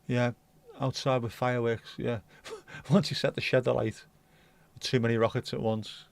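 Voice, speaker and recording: A man's voice: mid-range voice, level tone, moderate pace, vocal fry. A man hosting a livestream, chatting bluntly and rambling through viewer comments with the odd swear. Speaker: livestream host. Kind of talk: casual chat reading viewer comments.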